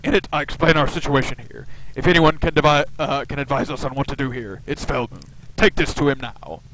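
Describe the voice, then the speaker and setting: A man's voice: mid-range voice, brisk, a bit bright, close to an everyday voice, low-quality recording. A man voicing a formal male expedition leader from a video game, reading the lines in a stiff, formal way.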